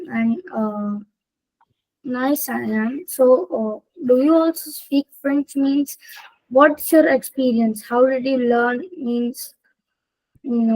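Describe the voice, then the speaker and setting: Hesitant female student, slow and unsure, higher-pitched. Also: dark tone, poor audio. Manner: hesitant, halting. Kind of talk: asking a question in class. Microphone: video call.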